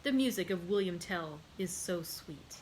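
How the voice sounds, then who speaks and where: A woman reading aloud and voicing a vengeful aristocratic count who speaks with calm, measured iciness. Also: lowish voice, slight background noise, low-quality recording. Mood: cold.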